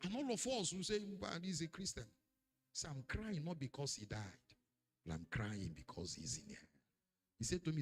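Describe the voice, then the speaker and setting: A man preaching a sermon, swinging between loud declarations and hushed warnings. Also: fairly high pitch, very animated, moderate pace. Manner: dramatic, swings from shouting to hushed. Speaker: pastor.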